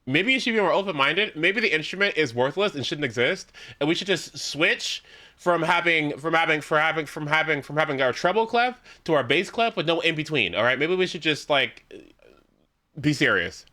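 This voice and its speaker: A man streaming a story game live, ranting in an animated, profane way and often repeating himself. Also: on the high side, moderate pace. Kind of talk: live gameplay commentary.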